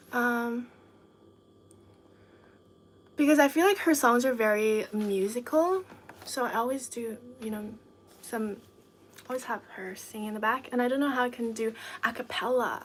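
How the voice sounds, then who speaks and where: A woman chatting casually to viewers on a livestream, talking in quick, giggly bursts of excitement. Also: a little high.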